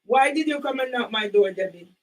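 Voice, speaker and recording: A woman's voice: a little high, a little fast, recorded from a distance, low-quality recording. Questioning woman, heard from off the mic. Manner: questioning, repeats herself, asks for things to be repeated. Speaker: channel owner. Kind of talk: recorded doorstep argument.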